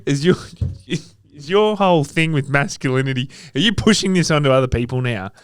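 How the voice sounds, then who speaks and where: Casting: Aussie man, fairly high voice, playful needling co-host. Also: lively intonation, brisk, smooth. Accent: Australian. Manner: teasing, cuts in with questions. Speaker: podcast co-host. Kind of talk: casual chat.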